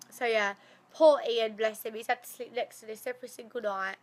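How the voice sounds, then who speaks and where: A woman's voice: fairly high pitch, steady tone, fairly quick. Congested young woman vlogging. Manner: chatty, swears freely, laughs often. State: blocked nose after surgery. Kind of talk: casual vlog to camera.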